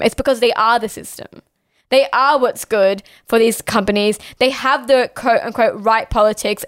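A young woman talks politics with fiery conviction. Her voice sits a little high and comes through smooth and clean. The recording is dry and close. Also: dry recording. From Australia. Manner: passionate, quick, outspoken. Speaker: co-host. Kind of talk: casual political commentary.

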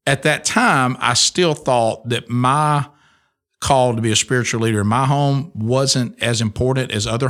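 A man's voice: mid-range voice, a bit bright. A middle-aged man, a radio host telling an emotional personal testimony in an earnest way, full of restarts. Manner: earnest storytelling with many restarts.

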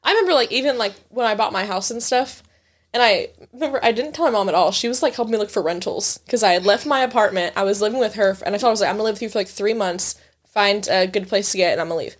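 A woman's voice: mid-range voice, rapid-fire, husky. A young woman in casual chat, telling stories energetically and swearing freely. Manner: animated storyteller, swears, acts out her family.

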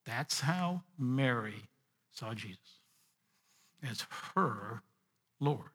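A male pastor preaching a sermon, reading and unpacking scripture, dropping to a hush and then rising to emphatic points. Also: medium pitch, very slow, big-room sound. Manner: expressive, swinging from hushed to emphatic.

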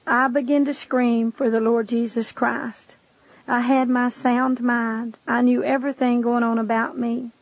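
A woman's voice: fairly high pitch, little pitch movement, measured pace, dry recording. A woman narrating a dramatic first-person testimony, speaking with passion and addressing the listener directly. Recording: dull lo-fi dry recording.

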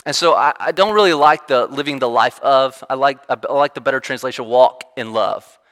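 Man, pastor, lively conversational sermon, bright forceful tone, long hall reverb. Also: medium pitch, fairly quick. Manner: animated, conversational preaching with frequent restarts.

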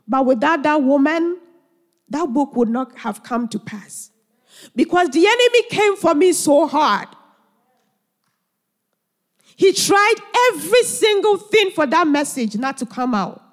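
Slow high-voiced woman preaching in a hall. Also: animated. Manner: earnest, emphatic rhetorical questions. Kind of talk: sermon. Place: church hall. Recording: long church hall reverb.

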